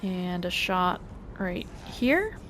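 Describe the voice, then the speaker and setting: A woman hosting a let's play, quietly talking through her moves with frustrated asides. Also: fairly low pitch, big pitch swings, drawn-out words, music in the background. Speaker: gaming video host.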